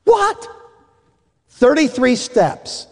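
A man doing a terrified weatherman, squeaky with panic. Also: big pitch swings, drawn-out words, vocal fry, darkish tone, exaggerated voice. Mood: panicked. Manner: panicky, trembling. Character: terrified novice weatherman on a high wire. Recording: echoey hall.

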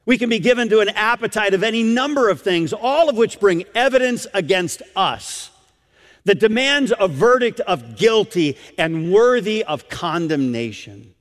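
A man preaching a sermon as pastor, emphatic, with dramatic pauses and questions put to the congregation. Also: sits high, expressive, long reverb tail.

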